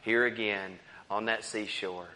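A man preaching a sermon, dramatic and repetitive, swinging between loud and hushed. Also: fairly low pitch, fairly even intonation, a little slow, in a large hall.

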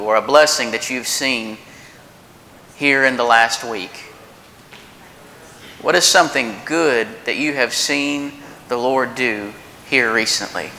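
A man in his thirties filling in as preacher, telling a personal story in an earnest, conversational way with frequent restarts and pauses. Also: pushed and bright. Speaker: preacher filling in at a church service. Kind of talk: informal sermon with a personal story. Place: church meeting room. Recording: distant voice in a reverberant church hall with faint background rumble.

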